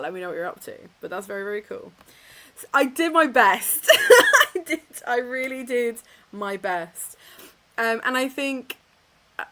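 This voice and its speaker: Her mid-range, fairly bright voice carries the casual chat as this young woman runs a reading livestream from her home office, talking to live chat, joking at her own expense and laughing a lot.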